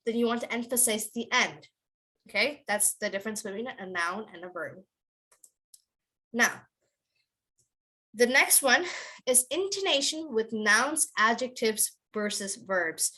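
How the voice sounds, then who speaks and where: A woman teaching pronunciation to a class of kids, her voice bright and a touch high. She draws out each word slowly, repeats it again and again, then slips into quick explanations. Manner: slow, drawn-out demonstration of word stress, repeats words many times; switches into quick Tamil asides.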